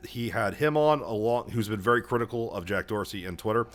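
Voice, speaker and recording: A man with a lowish, animated voice co-hosts a podcast, talking a little fast in casual chat. He rambles through his points, restarts often and swears freely.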